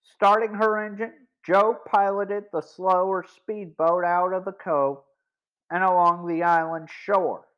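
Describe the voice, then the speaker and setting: A man narrating a boys' mystery audiobook in a measured, deliberate reading. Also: high voice, steady tone, clear, resonant tone. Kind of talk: scripted story narration. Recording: dull lo-fi recording.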